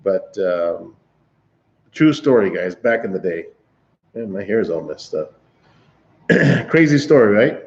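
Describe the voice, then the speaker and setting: A man's voice: fairly low pitch, sing-song, measured pace, long pauses, a little mellow, lo-fi sound. Man telling a rambling story on stream. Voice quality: rambling, laughing, with frequent restarts. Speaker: livestream host. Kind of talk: casual storytelling to a live chat.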